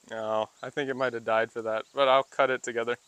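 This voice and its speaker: A man vlogging on a walk, speaking casually and cooing at cats in a high baby voice between laughs. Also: a bit bright, smooth, no room sound. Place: outdoors in a small town street.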